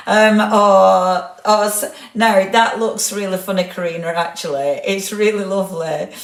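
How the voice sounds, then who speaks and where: A woman's voice: medium pitch, steady tone, unhurried. A woman hosting a casual live craft stream, greeting viewers by name and laughing often. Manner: chatty, reads out viewer comments, laughs often. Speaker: craft livestream host. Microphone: clip-on microphone. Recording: roomy echo.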